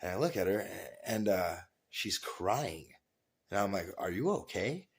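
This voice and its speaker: A man talking straight to camera in a loose storytelling monologue. He swears freely and leans hard on words, swinging from loud, high bursts to quiet asides. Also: a little slow. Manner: emphatic and profane, with big swings in pitch and loudness. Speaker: vlog host.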